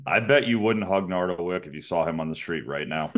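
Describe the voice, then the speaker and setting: A man's voice: low-pitched, fairly quick, a bit bright. A man co-hosting a podcast in casual chat, blunt and joking and swearing freely. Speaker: podcast co-host.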